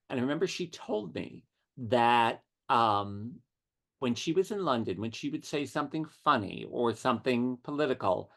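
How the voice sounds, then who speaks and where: A middle-aged man, a writer, telling witty anecdotes as an interview guest. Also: mid-range voice. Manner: witty, animated storytelling with quick asides. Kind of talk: conversational anecdotes.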